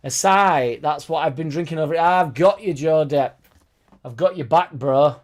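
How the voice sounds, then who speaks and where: A man's voice: on the high side, normal speed, a little mellow. Sweary young man, casual chat. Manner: loose, sweary, joking banter. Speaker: host of a football fan live stream. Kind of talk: casual chat, reading live comments.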